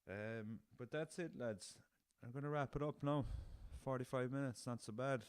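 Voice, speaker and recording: A man's voice: mid-range voice, moderate pace, clean tone, no echo. An Irish man hosting a podcast, rambling through a story in casual talk, swearing freely and calling his listeners lads. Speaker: podcast host. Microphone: podcast recorder with laptop.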